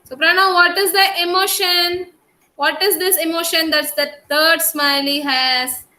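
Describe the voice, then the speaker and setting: Indian woman, kindergarten teacher on a video call; high, drawn-out, patient delivery. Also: fairly even intonation, sharp tone, poor audio. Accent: Indian English. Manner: slow, coaxing, drawn-out words for young children. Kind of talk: online class teaching.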